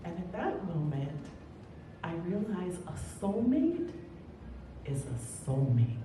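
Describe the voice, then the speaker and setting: A middle-aged woman telling a personal story on stage at a live storytelling event, animated and emphatic, with chatty asides to the audience. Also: takes it slowly. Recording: echoey hall, far from mic, rumbling noise.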